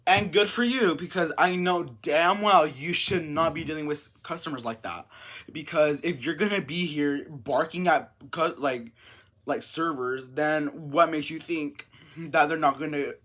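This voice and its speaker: A man's voice: on the high side, measured pace, fairly bright tone. A man vlogging casually, reading out a reader's story and reacting to it in a chatty way with many "like" fillers. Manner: chatty, full of "like" fillers, reacts and reads stories aloud.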